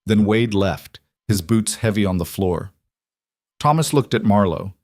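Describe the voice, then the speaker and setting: Brief: male audiobook narrator, lowish voice, steady storytelling, dry close sound. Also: a little slow, no echo.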